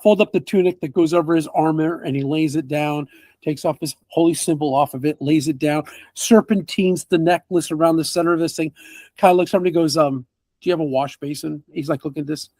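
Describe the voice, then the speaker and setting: A man narrating as game master of a tabletop game, animated and laughing, with casual fillers. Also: on the high side, fairly quick, no room sound.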